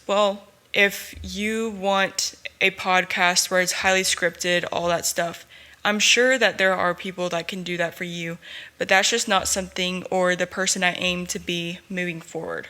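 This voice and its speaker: A woman's voice: fairly low pitch, steady tone, measured pace, sharp tone. A young woman hosting a solo podcast, talking in an earnest, heartfelt, unscripted way. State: tearful at times. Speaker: podcast host. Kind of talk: candid solo podcast talk.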